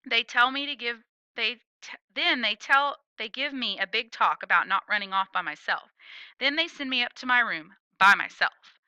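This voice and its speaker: A woman reading a first-person children's story aloud in a playful, expressive way. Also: on the high side, normal speed, clean tone, no room sound, highs cut off. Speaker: audiobook reader.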